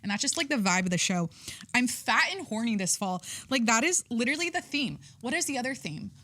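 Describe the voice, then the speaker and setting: A woman hosting her own podcast in a casual solo chat, talking forcefully from the chest and rambling with lots of fillers. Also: a little high, sing-song, a little fast, noisy background. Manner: forceful, talks with full chest; chatty, rambling with many fillers. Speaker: podcast host.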